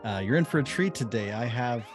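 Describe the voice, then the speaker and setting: An American man hosting a podcast interview, often halting with fillers and restarting his sentences. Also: medium pitch, lively intonation, over music. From United States. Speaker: podcast host.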